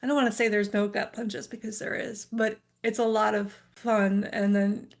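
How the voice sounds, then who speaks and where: A woman author, a guest on a podcast, talking relaxed and at length in casual chat. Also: medium pitch, normal speed.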